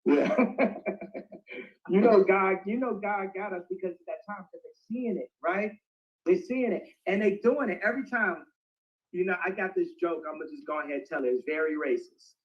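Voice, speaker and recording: Man guest, high voice, rambling tale, keeps cracking up, muffled lo-fi online audio. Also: normal speed. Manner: rambling, breaks into fits of laughter. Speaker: interview guest. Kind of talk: casual storytelling in an online audio chat.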